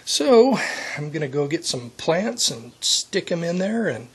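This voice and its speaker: A man's voice: fairly high pitch, sing-song, moderate pace, fairly bright tone, breathy edge. A man casually explaining his deck garden plans, thinking aloud with lots of ums and uhs. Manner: rambling, thinking aloud with many fillers. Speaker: home gardener vlogger. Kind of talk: casual vlog monologue. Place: condo deck, outdoors.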